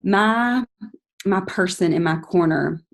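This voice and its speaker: A woman's voice: slow pace, gravelly. Upbeat woman coaching her team. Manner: energetic, coaching, acts out chatty quotes in a higher voice. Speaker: team leader giving sales tips. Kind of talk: motivational team call talk.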